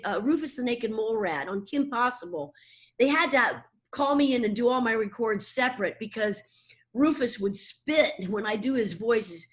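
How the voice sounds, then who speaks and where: A woman in her sixties, a voice actor chatting as a guest in an animated, laughing way. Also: fairly high pitch. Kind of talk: casual interview chat.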